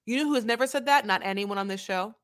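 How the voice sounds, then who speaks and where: A woman's voice: mid-range voice, quick pace, fairly bright tone. A woman co-hosting a podcast, chatting casually and retelling scenes dramatically with quoted voices. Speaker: podcast co-host. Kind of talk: casual recap chat.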